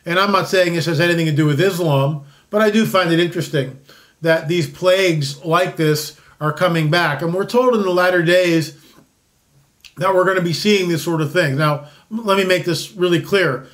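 A man's voice: sits high, normal speed, a bit bright. A man in his sixties hosting a solo commentary show, rambling and sarcastic with frequent restarts. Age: 60s.

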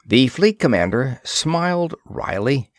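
A man narrating a pulp science-fiction story in an expressive reading style. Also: mid-range voice, slow, no room sound, studio quality. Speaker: audiobook narrator. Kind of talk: scripted narration.

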